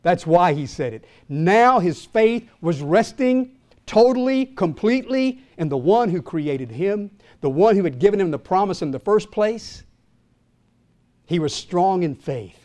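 An older man preaching a sermon, asking his listeners questions and swinging from loud calls to hushed lines. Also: sits high, expressive, unhurried. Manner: asks the congregation questions. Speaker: pastor.

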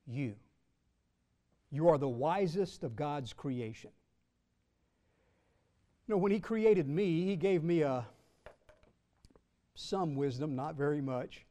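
A man preaching a sermon with emphatic, drawn-out stresses, swinging between loud bursts and soft asides, and teasing his listeners now and then. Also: a little high.

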